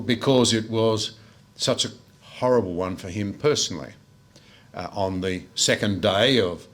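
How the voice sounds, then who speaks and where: A man's voice: low voice, a bit bright. An older Australian man giving a speech at a book launch to a room of listeners, telling anecdotes with frequent "uh" fillers. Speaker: guest speaker. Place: room with a live audience.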